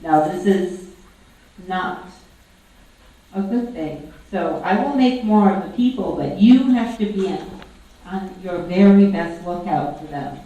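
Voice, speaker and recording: A woman voicing Creator as a patient female parent figure, gentle yet firm and measured, heard from far off in an echoey hall. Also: fairly low pitch, expressive.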